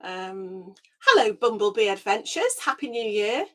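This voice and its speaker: A woman hosting a casual live gardening chat through her webcam microphone, chatty and quick to laugh, her voice a little squeaky as it recovers. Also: very animated. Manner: chatty, laughs often, greets viewers by name. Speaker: gardening channel host.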